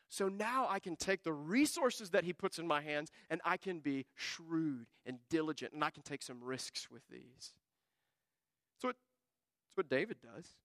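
A man preaching a sermon, swinging between hushed lines and emphatic bursts. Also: high-pitched, no echo. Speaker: pastor.

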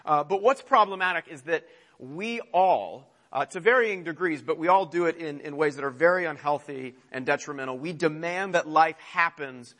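A man delivering a sermon with a bright, forceful tone and a slightly high voice. He talks conversationally, with fillers and restarts, and now and then mimics whiny complainers in a pitched-up voice. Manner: conversational preaching with mocking put-on complaint voices. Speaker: pastor.

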